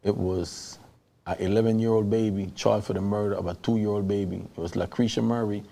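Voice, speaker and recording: Gravelly low-voiced man with a Panamanian accent. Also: steady tone, a little fast, dark tone. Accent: Panamanian Caribbean English. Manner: acts out quoted voices, laughs often. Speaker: interview guest. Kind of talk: animated storytelling in conversation.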